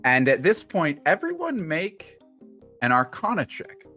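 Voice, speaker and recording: Slow, relaxed male game master. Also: fairly high pitch, faint music behind. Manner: relaxed, unhurried narration. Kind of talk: narrating a tabletop game.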